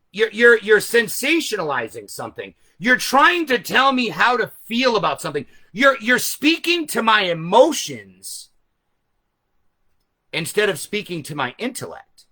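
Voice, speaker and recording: A man hosting a live stream, speaking loudly and emphatically as he explains a point to his viewers. His voice sits high and bright and swings a lot in pitch. He talks from a camera set some way back. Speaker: host. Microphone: camera set back from him.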